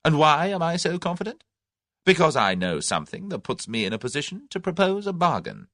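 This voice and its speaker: A cocky young Englishman bluffs his way through a room of enemies, as a man reads him in an audiobook. His voice sits high and swings with lively scorn. The recording is close and dry. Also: brisk, dry recording. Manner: cocky, taunting.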